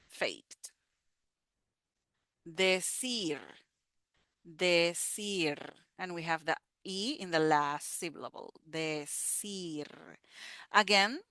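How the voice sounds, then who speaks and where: A woman teaching a slow pronunciation lesson, patiently repeating each word. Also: lowish voice, pushed and bright, clear, resonant tone, no room sound. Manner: patient, repeats words slowly. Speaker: Spanish teacher.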